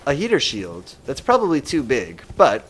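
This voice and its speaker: A man's voice: medium pitch, wildly swooping pitch, normal speed, slight background noise. A man casually musing aloud while streaming a game live and reading chat comments.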